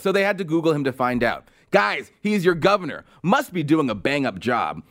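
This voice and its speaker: A man's voice: high voice, sing-song, normal speed, hardly any pauses, fairly bright tone. A male podcast host delivering a sarcastic, mocking political commentary monologue with exasperated outbursts.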